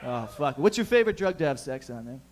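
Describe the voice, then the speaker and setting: A man's voice: mid-range voice, sing-song, fast talker. A man hosting a live stand-up show from a bar stage, bantering crudely with the crowd on a handheld mic. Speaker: stand-up host.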